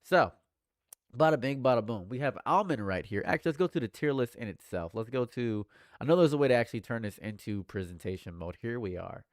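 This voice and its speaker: A man streaming casual live commentary, ranting in mock outrage and swinging between mumbled asides and loud outbursts. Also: medium pitch, animated, brisk, no echo, studio quality.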